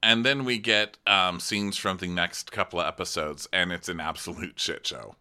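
A man co-hosting a comedic reality TV recap podcast, campy and animated. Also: low voice, normal speed, clear, resonant tone. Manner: campy, animated, acts out cast members' lines. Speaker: podcast co-host.

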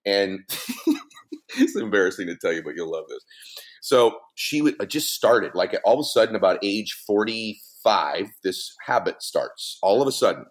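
A middle-aged man telling a story in a podcast conversation, animated and laughing, with big swings in his voice. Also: on the low side, normal speed. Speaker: podcast guest, motivational speaker.

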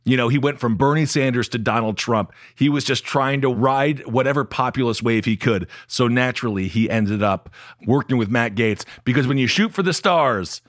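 A man co-hosting a podcast, delivering animated, sarcastic political commentary, moving between loud jabs and low asides. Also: normal speed, dry recording, clean studio sound. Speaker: podcast co-host.

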